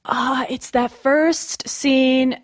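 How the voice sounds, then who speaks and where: A woman with a somewhat high voice who joins the talk as a podcast guest. She chimes in often with quick agreement and short reactions. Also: fairly even intonation. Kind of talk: casual chat.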